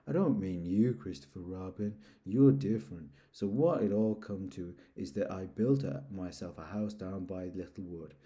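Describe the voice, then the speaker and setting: A man voicing a gloomy, self-pitying old grey donkey in a storybook reading, slow and mournful. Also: low-pitched, dark tone, close to an everyday voice.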